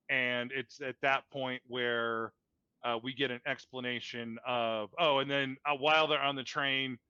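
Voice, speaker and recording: A man's voice: mid-range voice, sharp tone, clean tone, no room sound, highs cut off. A man co-hosting a podcast, casually recapping a movie's plot with lots of fillers and restarts. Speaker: podcast co-host.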